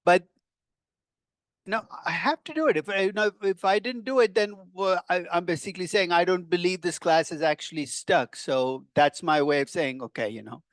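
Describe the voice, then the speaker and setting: A man's voice: high voice, moderate pace, a bit bright, no echo. An older man, a professor giving a conversational classroom lecture with wry, teasing asides to his students.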